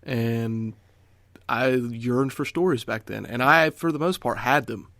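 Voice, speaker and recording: A man's voice: medium pitch, measured pace, a bit bright, no room sound. A young man co-hosting a gaming podcast, earnest and self-deprecating, working himself up into a rant. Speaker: podcast co-host. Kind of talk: casual podcast chat.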